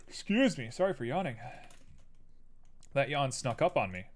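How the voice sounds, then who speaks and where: A man's voice: mid-range voice, very animated, normal speed. A man hosting a live stream, casually chatting and thinking aloud to viewers as he builds a 3D model.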